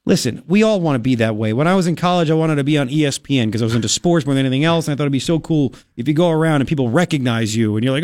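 A man hosting a talk radio show in a studio, excitable and rambling, with lots of exclamations. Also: a little high, rapid-fire, hardly any pauses, dry recording. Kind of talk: animated talk radio banter.

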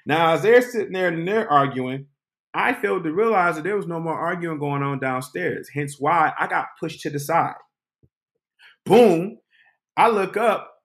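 Man, high voice, comic storyteller, animated, dramatic. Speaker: podcast host. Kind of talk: comedic storytelling.

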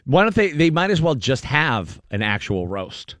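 Man, morning radio host, casual chat, very lively pitch, dry close sound. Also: moderate pace, no room sound. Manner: animated, reads news aloud with playful quoted voices.

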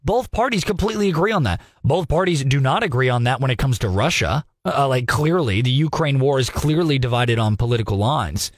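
A young man hosting a radio news talk segment, giving sarcastic, animated commentary with mocking asides. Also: mid-range voice, a little fast, few pauses, dry recording, studio quality.

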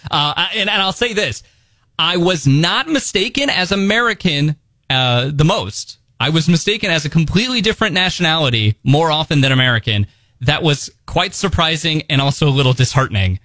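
A man's voice: on the high side, lively intonation, fairly quick, sharp tone, no room sound. A young man co-hosting a morning radio show, telling a rambling story with lots of restarts in casual on-air chat. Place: radio studio. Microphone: studio microphone.

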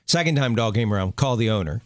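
A man's voice: medium pitch, lively intonation, rapid-fire, no echo, studio quality. A man co-hosting a radio show, easygoing and joking in casual chat.

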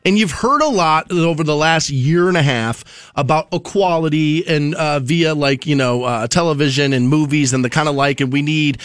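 A man's voice: on the high side, moderate pace, no echo, clean studio sound. A man hosting a casual talk show, chatting in a rambling, conversational way with frequent restarts. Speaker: radio show host.

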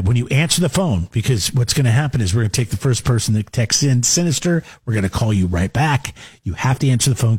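A man's voice: lowish voice, a little mellow, slightly rough, no echo. A man hosting a radio morning show, chatting casually and reading out contest details. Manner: chatty, laughs easily, reads contest details.

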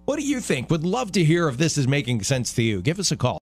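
A man's voice: fairly high pitch, wildly swooping pitch, quick pace. Earnest, emphatic middle-aged male radio co-host. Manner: earnest, emphatic, restarts mid-phrase. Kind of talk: casual talk radio commentary.

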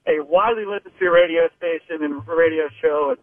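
Calling in by phone, this Pittsburgh man reports on sports for a radio program in a fairly high, fairly quick voice. The line is narrow and echo-free, and his talk wanders, with hesitations and many false starts.

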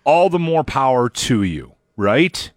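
A chatty male radio host talking in an easy, animated way and acting out the lines he quotes. His voice sits at a middle pitch, and the studio sound is close and dry. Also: takes it slowly, dry recording. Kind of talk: casual morning radio chat.

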